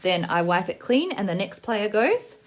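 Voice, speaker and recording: A woman's voice: mid-range voice, sing-song. Woman sounding out words as she teaches. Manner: sounds out words slowly, then explains briskly. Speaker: teacher demonstrating literacy games. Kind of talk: casual tutorial demonstration.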